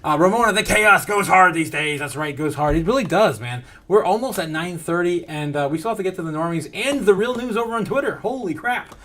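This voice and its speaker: A man hosting a casual livestream, reading chat aloud, laughing often and getting excitable. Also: high voice, fairly quick, few pauses. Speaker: host.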